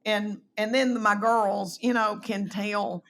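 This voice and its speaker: A middle-aged woman, telling animated stories and acting out quoted voices in a casual chat. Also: mid-range voice, takes it slowly. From East Tennessee, US. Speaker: comedian guest.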